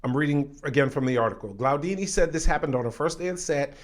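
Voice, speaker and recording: A male acting coach with a voice pitched somewhat high for a man. He teaches an online acting lesson in an emphatic, direct way, speaking straight to his viewers. He keeps pausing to read passages aloud from an article before coming back to his own points.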